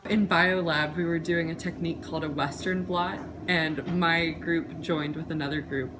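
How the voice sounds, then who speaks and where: A young woman in her twenties with a low, deep voice tells a story from her studies, growing animated as she goes. Clear noise sits under the recording. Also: normal speed. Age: 20s. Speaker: biology student. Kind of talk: recounting a personal story in an interview. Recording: noisy background.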